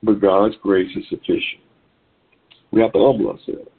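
A man's voice: on the low side, level tone, moderate pace, breathy edge. A man preaching a sermon to listeners on a conference call, exhorting in a repetitive preaching cadence. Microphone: phone call. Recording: tinny phone line.

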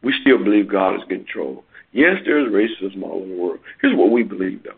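A man's voice: low-pitched, vocal fry, slightly rough. A man preaching and announcing upcoming sermons, then leading a prayer, heard over a phone call. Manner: preacherly, emphatic with drawn-out words. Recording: tinny phone line.

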